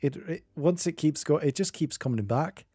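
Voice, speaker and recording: English man, streamer, mellow voice, rambling chat, dry close sound. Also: on the high side, animated, slightly rough, no room sound. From Northamptonshire, England. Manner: rambling, self-interrupting, quick to laugh. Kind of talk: casual chat.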